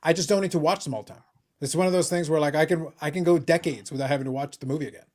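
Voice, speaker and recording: Man, stream host, casual chat, blunt, repeats words, quick talker. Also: fairly high pitch, darkish tone. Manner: blunt, repeats words when starting a point. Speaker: host of a hobby live stream.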